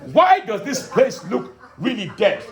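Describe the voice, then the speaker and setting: Fully in character and very animated, a stand-up comedian speaks at a measured pace as a boastful, bombastic self-styled African dictator who lectures and teases his audience in a booming, commanding voice. The recording comes from an echoey pub gig room, with a distant mic and a loud crowd.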